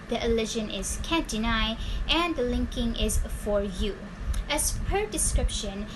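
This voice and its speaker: A young woman student giving a class presentation, reading a prepared explanation in a formal way. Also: fairly high pitch. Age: young adult. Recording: clear background noise.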